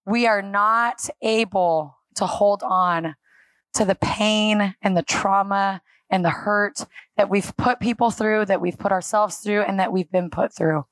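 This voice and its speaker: A woman speaking at a church on a handheld microphone, giving a lively, self-deprecating sermon that acts out her talks with God. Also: medium pitch, a little slow, dry recording. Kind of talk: conversational sermon. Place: church stage.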